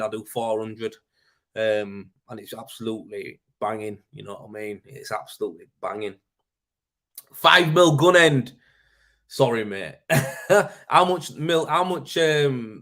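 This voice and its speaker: Male host, easygoing live-stream chatter, rambling, peppered with mate and man. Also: medium pitch. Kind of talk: casual live-stream chat answering viewer comments.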